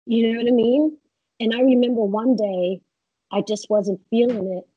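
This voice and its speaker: A woman guest in a casual interview, telling animated stories and acting out what people said. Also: fairly high pitch, moderate pace, slightly rough, highs cut off. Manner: animated storyteller, acts out quotes.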